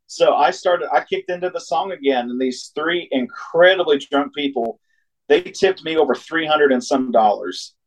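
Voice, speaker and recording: A man's voice: a little high, moderate pace, rough recording. A man, a singer-songwriter from Ohio, telling a road story in casual chat, laughing often and acting out the voices of people in the story. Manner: animated, laughs often, acts out quoted voices.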